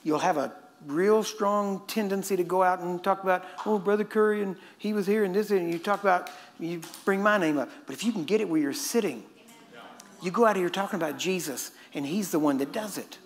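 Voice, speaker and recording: Fast-talking preacher man. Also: high voice. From Texas. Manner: fast-talking and joking with the audience. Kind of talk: sermon.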